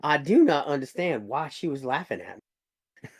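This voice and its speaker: A man's voice: fairly high pitch, expressive, normal speed, a little mellow, slightly rough, voice pushed down. A man voicing a formal, courtly nobleman who speaks with old-fashioned politeness and stammers when he is upset. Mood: earnest.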